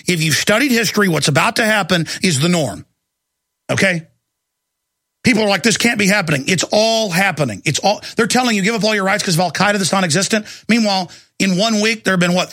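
A man's voice: high voice, bright, forceful tone, no room sound, studio quality. A man hosting a talk show, delivering an emphatic, alarmist rant. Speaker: talk radio host. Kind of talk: ranting commentary.

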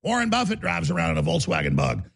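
A man hosting talk radio in a relentless, bellowing rant. His voice is heavily gravelly and husky, sits a little high, and lurches between pitches with great animation. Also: sing-song, fast, fairly bright tone. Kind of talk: ranting talk radio monologue.

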